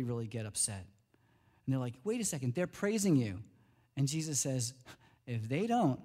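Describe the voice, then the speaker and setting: A middle-aged man preaching a sermon as pastor, speaking casually and animatedly, his voice climbing high when he marvels. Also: warm tone.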